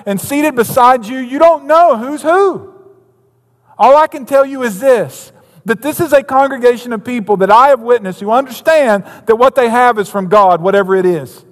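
A man's voice: very high voice, normal speed. A man preaching a sermon as pastor, telling a story and then driving his points home with emphasis. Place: church sanctuary. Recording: long hall reverb.

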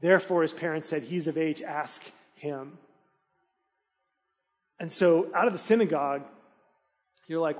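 A man preaching a sermon as a pastor, telling the story with animated energy and briefly acting out the townspeople's voices. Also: on the high side, normal speed, long pauses, big-room sound.

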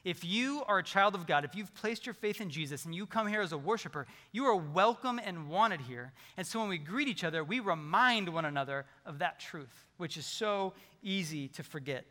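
A pastor preaches in a lively, conversational way, joking with his congregation. His voice is high and bright. The sound carries the long reverb of a large sanctuary. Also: moderate pace, hardly any pauses. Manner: animated, conversational preaching with humor. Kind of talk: sermon.

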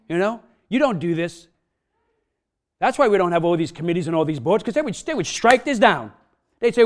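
A man's voice: high-pitched, big pitch swings, a little fast. A male pastor preaching a sermon in a casual, rambling way that builds into emphatic exhortation.

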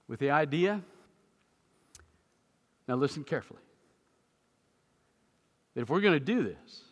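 A man preaches a sermon in a church, mixing humorous stories with earnest teaching. His voice sits fairly high and rings bright and forceful, with loud emphatic peaks. The sound carries a long reverb from the sanctuary. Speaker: pastor.

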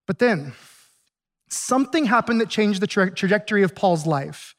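A male pastor giving a sermon, retelling a Bible story in a conversational, animated way with acted asides. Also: high voice, normal speed.

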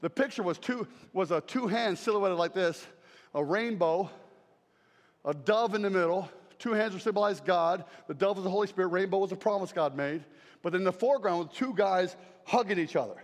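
Brief: male preacher, very high voice, animated sermon delivery with shouted punch lines, echoey hall. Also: brisk. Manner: animated, emphatic, shouts key phrases. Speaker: traveling preacher.

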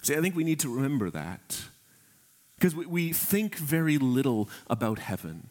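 A man preaching a sermon as pastor, earnest and emphatic, slowing down on key phrases and addressing his congregation directly. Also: medium pitch, sing-song, a little mellow.

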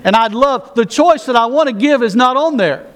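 High-voiced man preaching a sermon. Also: animated, normal speed, a bit bright, slight background noise. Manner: conversational, with self-mocking asides and repeated words. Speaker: pastor.

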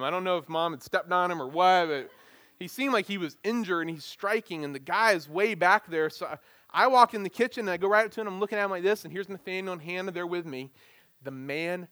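A middle-aged pastor with a voice that sits high speaks briskly in a dry recording. He moves from prayer into an animated personal story told with self-deprecating humor.

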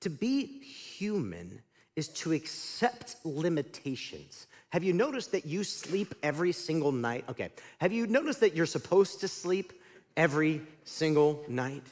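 A man's voice: fairly high pitch, a little slow, big-room sound. A middle-aged male pastor preaching a sermon, talking to the congregation in a conversational way and asking them questions. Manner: animated preaching with sudden drops to quiet.

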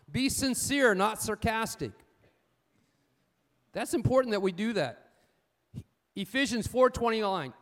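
A man with a high-pitched voice preaching a sermon. He tells folksy, humorous stories and repeats his key points. He often checks in with his listeners in call-and-response fashion. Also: lively intonation, a little slow, long pauses, a bit bright. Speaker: pastor.

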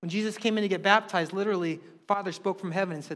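A middle-aged man preaches with a fairly high voice, talking to the congregation in a casual, animated style that swells on key words. His sermon rings with long reverb from a large church hall. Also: quick pace. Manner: animated, conversational preaching with emphatic rises. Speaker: pastor.

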